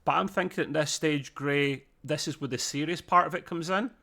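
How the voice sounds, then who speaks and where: A man's voice: fairly high pitch, moderate pace, gravelly, pushed and bright. A man co-hosting a casual podcast review, chatty and laughing often, with many fillers. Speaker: podcast co-host.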